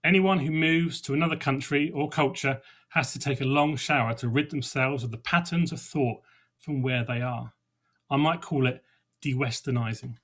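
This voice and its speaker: Middle-aged man, husky, mid-pitched, chatty podcast host with dry wit. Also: normal speed, a bit bright. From England. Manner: conversational, with small restarts and dry humour. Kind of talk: reflective first-person talk.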